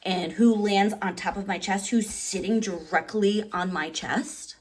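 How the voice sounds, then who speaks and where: Animated woman in her thirties telling a story. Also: a little slow, husky. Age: 30s. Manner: animated, heavy use of "like"; acts out quotes with big pitch jumps. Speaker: vlogger. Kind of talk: casual storytelling.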